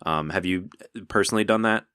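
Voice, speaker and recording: A man's voice: sits low, a little fast, fairly bright tone, smooth, no room sound, clean studio sound. A man hosting a podcast interview, asking questions casually and often laughing and agreeing. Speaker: podcast host.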